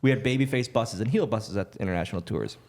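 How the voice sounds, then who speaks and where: A man, a podcast guest, telling stories in an animated way, laughing often and acting out other people's voices. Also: on the low side, quick pace. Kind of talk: storytelling on a podcast.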